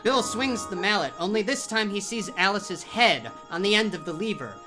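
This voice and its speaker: Over background music, a narrator with a medium-pitched, expressive voice tells a horror audio drama at a moderate pace. The delivery is vivid storytelling, punctuated by shouted sound effects.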